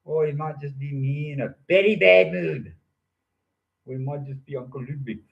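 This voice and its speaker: A man's voice: a little high, moderate pace, gravelly, dull audio. An older man telling rambling stories in a playful monologue, joking and drifting from one topic to the next. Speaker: storyteller.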